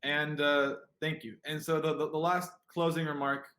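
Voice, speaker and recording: Higher-voiced host in an echoey room. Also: male voice, flat delivery, normal speed, sharp tone. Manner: jokey, hesitant, many restarts. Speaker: show host. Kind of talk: casual livestream chat.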